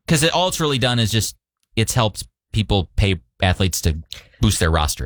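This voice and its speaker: A man's voice: mid-range voice, normal speed, a bit bright, no room sound, studio quality. A man co-hosting a radio show, chatting casually about the news with loose, restarting sentences. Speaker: radio co-host.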